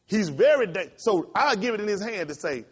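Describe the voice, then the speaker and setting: Impassioned preacher with a lively, swooping voice. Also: male voice, moderate pace, husky. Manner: impassioned storytelling, swinging between loud high outbursts and low quiet asides. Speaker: pastor. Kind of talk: sermon.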